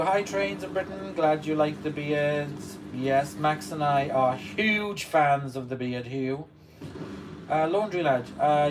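A man hosting a casual livestream, reading out viewer comments and answering them beside a running washing machine. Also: medium pitch. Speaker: livestream host. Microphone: distant mic. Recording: distant mic with steady background noise.

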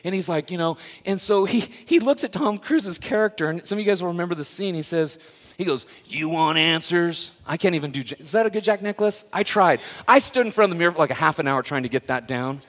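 Animated pastor in a reverberant church. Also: male voice, high voice, fast talker. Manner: animated, playful storytelling with asides to the congregation. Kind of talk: sermon. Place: church worship center. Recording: long hall reverb.

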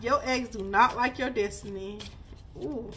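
A woman's voice: fairly high pitch, unhurried, bright, forceful tone, slight background noise. A woman, giving a chatty spiritual reading full of laughs and sassy asides. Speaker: spiritual reader. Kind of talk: casual spiritual reading vlog.

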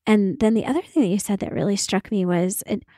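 A woman's voice: mid-range voice, brisk, mellow, dry recording. A woman on a podcast reacts thoughtfully, affirming what she heard and feeling her way toward her point. Her voice sits mid-range. The recording is close and dry. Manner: thoughtful, affirming, searching for words. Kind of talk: conversational podcast talk.

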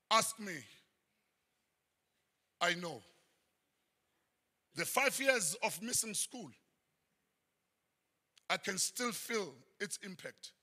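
South African pastor, husky high voice, very bright, hall reverb; shouts often. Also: male voice. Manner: preaching with frequent shouted high bursts. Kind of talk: sermon. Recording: long church hall reverb.

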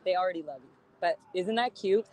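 A woman live-streaming outdoors, chatting casually in a rambling, animated way and swearing freely. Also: fairly low pitch, brisk. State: hot and sweating. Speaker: livestreamer. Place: outdoors on a city street.

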